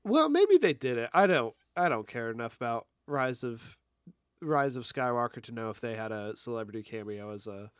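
Laid back movie podcast guy, lively up and down voice, dry sound. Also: mid-range voice, normal speed, smooth, no room sound. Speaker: podcast co-host. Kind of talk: casual movie commentary chat.

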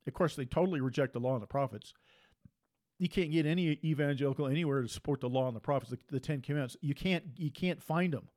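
Male preacher, insistent and repetitive, sits a bit high in his range. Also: fast, darkish tone. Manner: emphatic and repetitive, hammering phrases. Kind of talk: preaching monologue.

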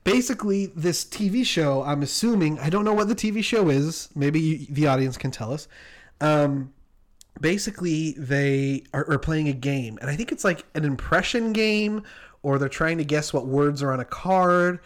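A man's voice: a little high, normal speed. A man co-hosting a casual chat show, bubbly and laughing often while he introduces clips. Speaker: podcast co-host.

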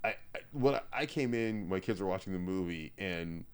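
A man with a very deep voice co-hosts a relaxed podcast. He rambles, restarts his sentences and laughs between phrases. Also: moderate pace, clean tone. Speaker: podcast co-host. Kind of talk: casual podcast chat.

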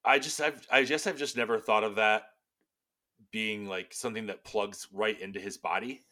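A man with a low, bright and forceful voice chats casually while reacting to a trailer. He rambles excitedly and fills his talk with "like" and restarts. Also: normal speed. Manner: excited, rambling with many fillers.

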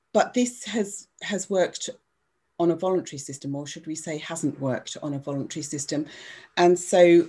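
Woman council official, low husky voice, measured explaining. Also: mellow. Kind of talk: interview clip.

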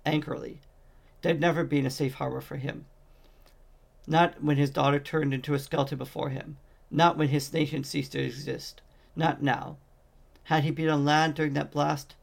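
A man reading a fantasy novel aloud as an amateur audiobook narrator, in a steady, measured way. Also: a little high, gravelly. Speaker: audiobook reader.

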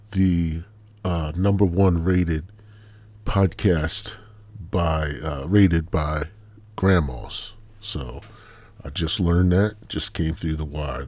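A man's voice: low voice, a little mellow, dry recording. A man hosting a stoner podcast, rambling, swearing and joking as he talks. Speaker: podcast host.

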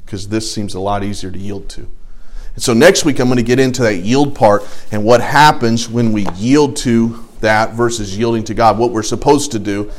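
A man's voice: lowish voice, normal speed. A middle-aged man leading an adult Bible study in a casual sermon style, telling stories and acting out inner voices. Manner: conversational storytelling with acted inner voices.

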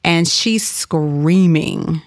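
A woman in her thirties telling a personal story in an animated, chatty way, with many fillers. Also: fairly low pitch, drawn-out words. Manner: animated, chatty, lots of "like" and "you know".

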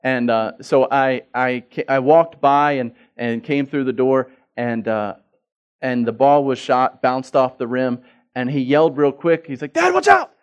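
Middle-aged man, pastor, sermon delivery; animated storyteller, stumbles and repeats words, big swings between loud and soft. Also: medium pitch, measured pace, smooth, highs cut off.

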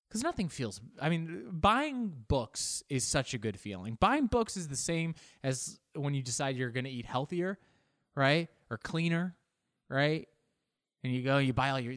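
A man talks in a loose, meandering monologue, poking fun at himself and acting out little back-and-forth exchanges. His voice sits at an ordinary middle pitch. The recording is dry and close, with no room sound around it. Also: fairly bright tone, no room sound. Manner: rambling, self-mocking, acts out little quoted exchanges. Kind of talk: casual monologue.

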